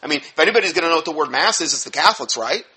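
Male preacher, emphatic sermon delivery, bright and a bit high-pitched, quick mumbled asides. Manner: emphatic, animated, with sudden drops to mumbled asides. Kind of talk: sermon-style teaching talk.

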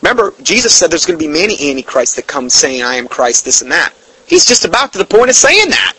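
Male Bible study teacher, slightly high husky voice, indignant and emphatic. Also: very animated, pushed and bright, no echo, poor audio. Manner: preachy, indignant, reads quotes slowly and emphatically; sarcastic asides. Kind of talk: recorded Bible study lesson.

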